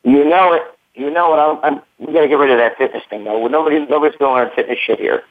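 A man, co-hosting a talk show with crude, boastful, halting banter. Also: on the high side, dry recording. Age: 50s. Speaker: radio show co-host. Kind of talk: crude casual radio banter. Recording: tinny phone-line audio.

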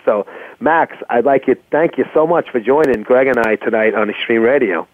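A man's voice: mid-range voice, normal speed. A rambling, foul-mouthed male co-host, trading crude jokes on a live show. His voice sounds tinny and narrow, as if heard over a phone, with no room echo at all. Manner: profane, rambling, joking. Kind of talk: crude casual radio banter. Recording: tinny phone-line audio.

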